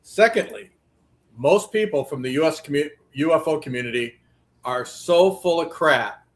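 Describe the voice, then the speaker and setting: A man's voice: on the high side, animated, normal speed. A man speaking as a guest on a panel talk show, blunt and dismissive, sounding irritated.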